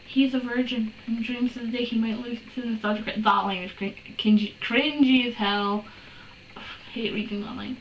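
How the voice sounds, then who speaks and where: Sarcastic woman, fairly high voice, reading and roasting a story in a roomy, off-mic recording. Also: fairly even intonation, brisk, dull audio. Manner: exasperated, sarcastic, swears and laughs. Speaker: fanfiction reader. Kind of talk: comedic dramatic reading with commentary. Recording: roomy room, distant from mic, faint hiss.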